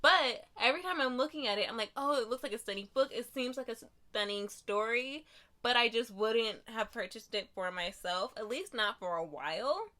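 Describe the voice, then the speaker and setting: Young woman, bright high voice, gushing book vlogger, swings from hushed whispers to squeals. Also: lively intonation, normal speed. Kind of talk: excited unboxing vlog.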